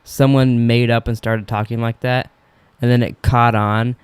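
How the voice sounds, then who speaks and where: A man's voice: mid-range voice, flat delivery, measured pace, smooth, dry recording. A man co-hosting a casual podcast chat, rambling and joking, acting out quotes in silly voices over a remote call. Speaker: podcast co-host.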